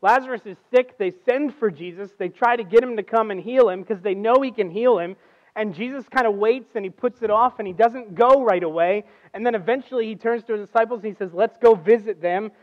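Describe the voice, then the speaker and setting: A man with a high, light voice preaches a conversational sermon in a church. He tells stories like everyday talk, swings between hushed and loud, and the recording sounds a little dull and lo-fi. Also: a little fast. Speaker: guest preacher.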